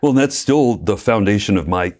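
A man, a preacher and guest, telling his faith story in a lively way, acting out quotes and laughing often. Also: on the low side, brisk. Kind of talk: personal testimony in conversation.

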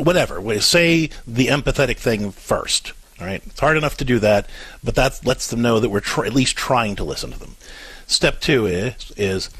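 A man's voice: medium pitch, expressive, normal speed, a bit bright, slightly rough, no echo. A man co-hosting a call-in radio show, earnestly coaching a parent step by step and acting out what to say.

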